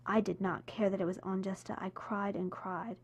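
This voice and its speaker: Female voice-over translator, first-person storyteller, animated, middle pitch. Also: normal speed, husky. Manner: animated storytelling, voicing quoted people.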